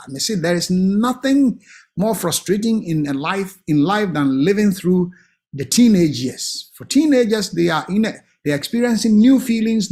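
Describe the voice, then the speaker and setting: A man's voice: sits high, a little mellow. A man with a Ghanaian accent, giving an earnest and emphatic family life talk at church.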